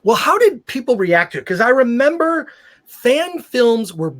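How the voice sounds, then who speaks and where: A man's voice: very high voice, very animated, unhurried, a bit bright. A man hosting a podcast, chatting in a rambling way full of fillers. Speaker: podcast host. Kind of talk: casual podcast chat.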